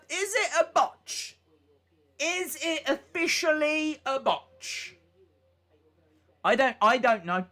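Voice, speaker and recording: Lively man reacting live. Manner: animated, leaps into high excited exclamations and rhetorical questions. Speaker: live stream host. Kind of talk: casual live reaction commentary.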